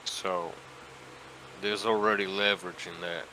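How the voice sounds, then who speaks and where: A man playing in a tabletop game, arguing his point deliberately. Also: low voice, fairly even intonation, pushed and bright, slight background noise, low-quality recording. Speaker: player.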